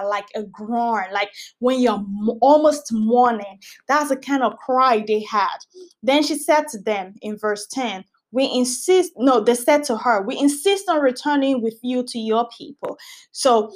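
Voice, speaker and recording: A woman hosts a Bible study podcast, reading scripture aloud and teaching in a casual, earnest manner. Her voice is a little high and a little slow, and she often repeats phrases for emphasis.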